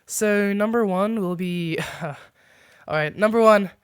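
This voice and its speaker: A man's voice: sits high, slow pace, clear, resonant tone, no echo. A man hosting a casual podcast with a dry, close sound. He often trips over his words and restarts while working through his notes. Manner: stumbling, restarts lines while reading notes. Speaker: podcast host.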